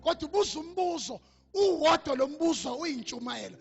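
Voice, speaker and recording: A South African man preaching a sermon, shouting and drawing out his lines and calling on the reader between verses. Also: very high-pitched, very animated, measured pace, gravelly, lo-fi sound, music in the background. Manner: mixes languages, shouts and draws out lines, calls the reader on.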